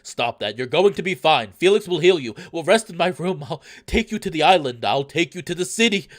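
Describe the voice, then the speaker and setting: A man voicing a grieving male wolf who loudly and frantically pleads with his dying partner. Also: fairly high pitch, animated, a little fast, voice pushed up, close to an everyday voice. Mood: pleading. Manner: loud, pleading, frantic reassurance.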